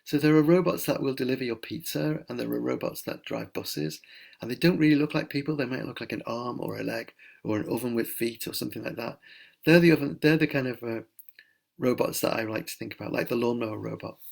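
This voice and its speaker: Middle-aged male author for a home live Q&A, gravelly, rambling and keen. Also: mid-range voice, brisk, a little mellow. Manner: chatty, enthusiastic, rambling. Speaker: children's author answering reader questions. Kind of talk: casual live Q&A. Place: at home during lockdown.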